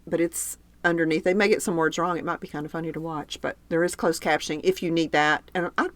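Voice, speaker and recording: A woman with a Southern US accent hosting a podcast, talking in a quick, chatty way and laughing easily. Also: low-pitched, fairly even intonation, no room sound. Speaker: podcast host. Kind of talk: casual chat.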